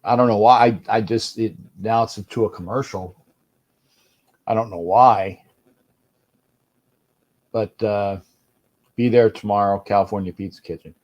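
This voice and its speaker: A man's voice: fairly low pitch, fairly even intonation, a little slow, pauses often, a little mellow. A man hosting a casual livestream from home, grumbling and irritated, often repeating and restarting his phrases. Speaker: livestream host.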